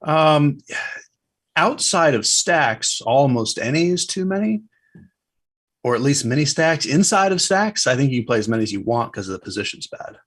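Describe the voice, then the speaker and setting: A man's voice: medium pitch, big pitch swings, moderate pace. A man giving blunt, opinionated fantasy sports picks in a casual chat. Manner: blunt, opinionated, matter-of-fact.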